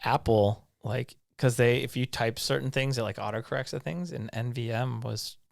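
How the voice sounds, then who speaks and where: A man's voice: mid-range voice, normal speed, vocal fry, no echo, clean studio sound. A man co-hosting a podcast, chatting in a laid-back way and laughing a lot. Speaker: podcast co-host. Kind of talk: casual chat.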